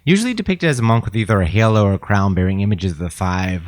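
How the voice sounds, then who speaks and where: A man co-hosting a podcast in casual chat, soft-spoken and musing. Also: on the low side, animated, quick pace, dry recording. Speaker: podcast co-host.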